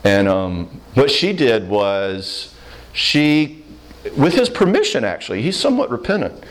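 Man, counselor, live audience Q&A, middle pitch, plainspoken, lively. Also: measured pace. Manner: plainspoken, animated, acts out quoted voices. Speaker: counselor answering audience questions.

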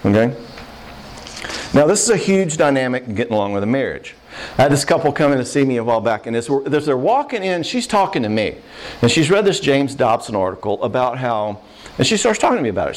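An older man giving a lively sermon on marriage to a live crowd, conversational and playful, often checking in with the listeners. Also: medium pitch, poor audio. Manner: acts out quoted voices and jokes. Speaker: pastor teaching on marriage.

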